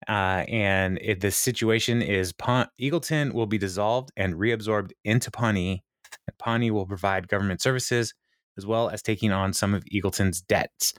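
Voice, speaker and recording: A man co-hosting a podcast, casually retelling a sitcom episode with lots of fillers and quick laughs. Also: on the low side, fairly bright tone, no room sound, clean studio sound. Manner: retells scenes with quoted lines, many fillers, laughs often. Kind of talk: casual chat.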